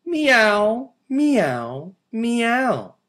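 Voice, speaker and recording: Man doing tiny sorrowful kittens, high-pitched, plaintive storybook sing-song. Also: huge pitch swings, extremely slow, fairly bright tone, full character voice. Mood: mewing. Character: three little kittens, small and sorrowful.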